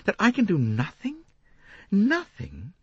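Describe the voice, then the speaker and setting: A man's voice: a little high, very animated, moderate pace, breathy edge, no room sound, dull audio, pitched above the performer's own voice, heavily acted. A man reading an audiobook voices a proud, defensive rich young English woman, clipped and indignant. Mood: pleading.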